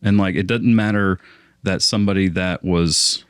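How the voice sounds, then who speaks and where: A man's voice: low-pitched, fairly even intonation, normal speed, clear, resonant tone, dry recording, studio quality. A young man on a casual podcast, telling a long story in a rambling way and often restarting his sentences. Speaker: podcast co-host.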